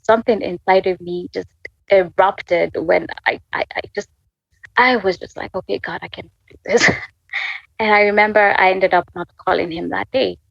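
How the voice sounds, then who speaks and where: Young woman guest, heartfelt testimony, halting speech with restarts, dry and slightly muffled recording. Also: medium pitch, steady tone, gravelly, no echo. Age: 20s. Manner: halting, many restarts, laughs through tears. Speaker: guest sharing a faith story. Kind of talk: emotional personal testimony.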